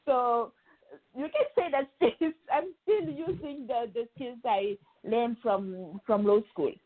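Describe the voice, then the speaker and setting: A woman's voice: on the high side, slow. A woman from Senegal, a native French speaker, answers interview questions in English. She hesitates often, with many ums and repeated words. She sounds thin and tinny, like a phone line. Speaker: guest. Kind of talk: podcast interview.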